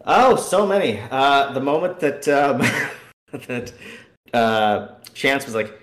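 A man talking casually on a podcast and retelling tabletop game scenes, jumping into little acted-out voices as he goes. His voice sits at a middling pitch. The recording has a noticeable roomy echo. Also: unhurried. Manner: animated storyteller acting out scenes. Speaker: guest player.

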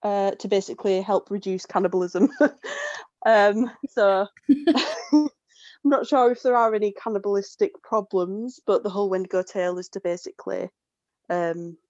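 Woman co-host, relaxed presenter, dull lo-fi dry recording. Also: medium pitch, normal speed, no echo. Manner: easygoing, laughs often, filler "um". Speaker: podcast co-host. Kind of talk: casual chat presenting a topic.

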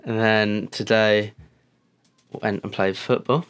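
A man's voice: lowish voice, steady tone, slow pace, a bit bright, clear, resonant tone. A man co-hosting a podcast, laid-back and tired, giving short replies in casual chat. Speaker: podcast co-host.

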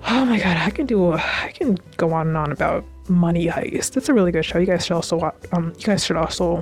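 A young podcast host recaps a TV series on a home mic, chatting casually, rambling, gushing in asides, and using lots of fillers. Her lowish voice runs a little fast with few pauses over soft background music.

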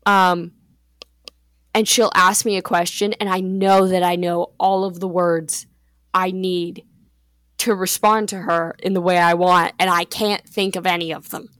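A teenage girl co-hosting a podcast, chatting in a relaxed way and laughing often. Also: on the low side, a little slow, dry recording. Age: teens. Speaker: podcast co-host. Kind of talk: casual chat.

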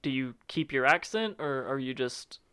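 Young speaker, mid-pitched, lively intonation, swearing, casual banter. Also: normal speed, clear, resonant tone, no room sound, studio quality. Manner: swearing, animated, laughing. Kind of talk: casual chat.

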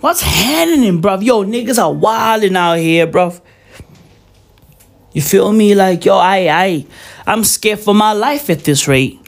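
A man's voice: sits high, expressive, measured pace, vocal fry. A young man vlogging a profane, rambling, mock-serious rant at home, peppering it with slang. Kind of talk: casual rant to camera. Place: indoors at home at New Year.

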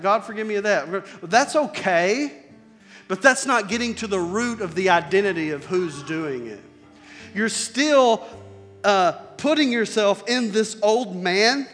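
A man preaching a sermon in a conversational style, moving between loud emphasis and soft, quiet passages. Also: sits high, long reverb tail. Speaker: pastor.

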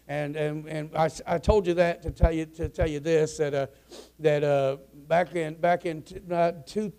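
Folksy preacher, male, high and gravelly, loose rambling delivery to his congregation. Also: a little mellow. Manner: folksy, rambling storyteller with restarts. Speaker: pastor. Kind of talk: joke-telling before a sermon. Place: church sanctuary.

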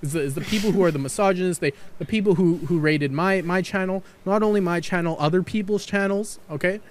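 A man's voice: sits high, quick pace. A man hosting a podcast, giving his opinions in a rambling way, repeating words and swearing casually. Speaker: podcast host and streamer.

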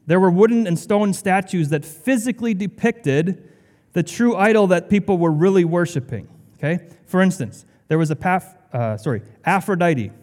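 A man's voice: on the high side, darkish tone, in a large hall. A male pastor delivering a sermon in a conversational way, with sarcastic asides.

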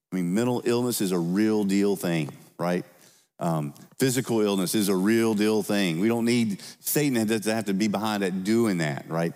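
A man's voice: on the low side, a little mellow. A man preaching a sermon as pastor, in a conversational style, often asking the congregation questions and adding "right?". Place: church sanctuary. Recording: long church reverb.

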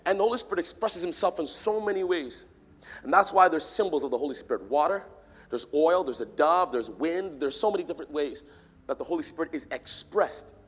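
A man preaching a sermon to a church congregation, swinging from quiet, close talk to loud, shouted call-and-response. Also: a little high, lively intonation, brisk, breathy edge. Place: large church hall. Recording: long hall reverb.

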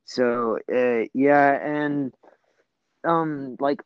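A man's voice: medium pitch, steady tone, very slow, smooth, no room sound, lo-fi sound. A young man telling a long story in casual chat, rambling with lots of fillers and swearing.

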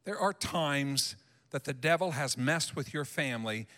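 A male pastor preaching a sermon in a church sanctuary, animated and emphatic, acting out what people say. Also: medium pitch, measured pace, long reverb tail.

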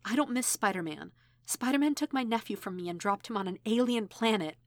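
A woman voicing a protective middle-aged aunt, sharp and scolding at times, tender at others, in an audiobook reading. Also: on the high side, lively intonation, a little fast, no room sound, clean studio sound, pitched above the performer's own voice.

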